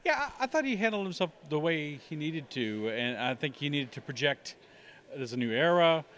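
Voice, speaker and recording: A man's voice: on the high side, sing-song, moderate pace, a bit bright, slight background noise. A man, a sports journalist, giving fluent, analytical interview answers.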